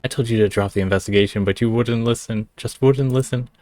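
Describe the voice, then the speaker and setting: A man's voice: mid-range voice, steady tone, fast, darkish tone, dry recording, natural voice. A man voicing a menacing hidden male villain, reading game dialogue aloud in a taunting manner.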